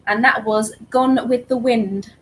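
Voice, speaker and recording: A woman co-hosting an online charity quiz, reading answers briskly and lightly. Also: fairly high pitch, fairly even intonation, slight background noise, low-quality recording. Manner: brisk, light, laughs easily. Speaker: quiz co-host.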